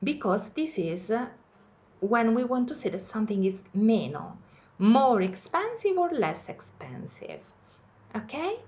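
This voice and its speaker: A woman teaching English grammar with an Italian accent, explaining each rule slowly and repeating it in her native Italian. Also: on the high side, big pitch swings, darkish tone. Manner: patient, repeats each point in two languages. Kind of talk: bilingual grammar lesson.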